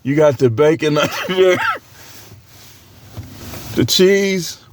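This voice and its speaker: A man preaching a loose, humorous sermon while fighting off a cold, stopping now and then to cough. He talks at an unhurried pace in a slightly raised voice, laughing and teasing his listeners. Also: on the high side, lively intonation, a little hiss or hum. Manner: joking, laughs often, slangy banter.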